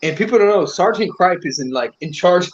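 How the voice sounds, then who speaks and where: A man telling army stories to old friends in a casual chat, profane and animated, acting out what others said. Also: sits high, a little fast, lo-fi sound. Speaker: army veteran reminiscing. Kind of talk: casual storytelling among friends.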